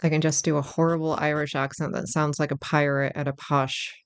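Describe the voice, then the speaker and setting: A let's-play commentator musing over a fantasy game, chatty and self-deprecating, with a gravelly, creaky edge on the voice. The sound is dry and close, with no room around it. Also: medium pitch, little pitch movement, fairly quick, no room sound. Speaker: gameplay commentator.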